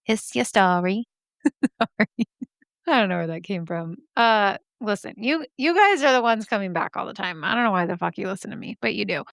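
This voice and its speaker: A woman's voice: medium pitch, lively intonation, brisk, creaky, a bit bright, no echo, clean studio sound. A woman hosting a podcast, reading listener mail aloud and reacting in a chatty, emotional way, laughing often and swearing casually.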